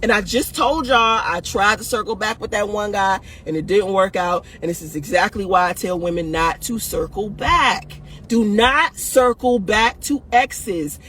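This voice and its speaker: A woman's voice: mid-range voice, measured pace, fairly bright tone, slight background noise. A woman hosting a video, giving dating advice in blunt, profane casual talk, laughing often and tossing "listen" and "right?" at her audience.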